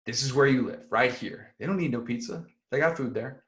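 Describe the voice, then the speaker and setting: A young man talks through a sports topic as a columnist, in a loose, opinionated style. His voice sits at an ordinary middle pitch, and he drifts into asides and rhetorical questions as he makes his case. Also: brisk, a bit bright. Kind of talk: casual opinion commentary.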